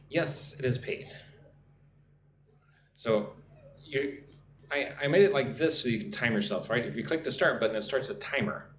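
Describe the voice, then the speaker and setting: His voice sits mid-range with a slightly bright quality as this American man teaches English live, reading viewers' comments aloud and repeatedly asking "right?" The audio has room echo and a little background noise.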